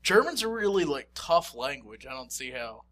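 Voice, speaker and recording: A man co-hosting a podcast in casual chat, crude and joking, tossing in quick interjections. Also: mid-range voice, sing-song, a bit bright. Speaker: podcast co-host.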